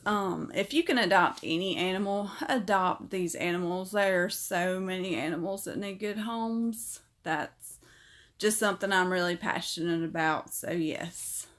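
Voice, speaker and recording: A woman in her thirties with a Southern accent, chatting casually on a livestream and reading comments out loud. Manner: chatty, upbeat, talks to her parrot in a high voice. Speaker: livestream host.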